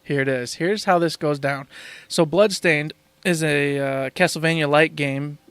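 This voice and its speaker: A man co-hosting a casual gaming podcast, excitable and speculating with lots of laughs. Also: fairly high pitch, a little slow, smooth, no room sound. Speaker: podcast co-host.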